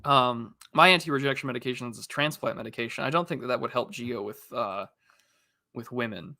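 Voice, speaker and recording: A man's voice: medium pitch, a little fast, vocal fry, pushed and bright. A man hosting a casual livestream, rambling through topics with many fillers and restarts while answering chat. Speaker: livestream host.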